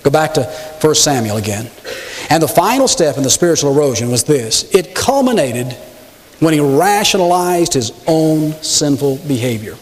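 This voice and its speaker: Male preacher, sermon, emphatic storytelling, lively voice, long hall reverb. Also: fairly high pitch, normal speed. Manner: emphatic, storytelling, addresses the congregation directly.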